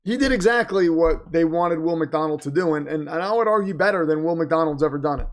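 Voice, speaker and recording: Speaking fairly quickly in a slightly high voice, a man hosts a live watch-party stream of a game. He keeps things casual and joking, reads donations aloud and takes shots at the team's managers.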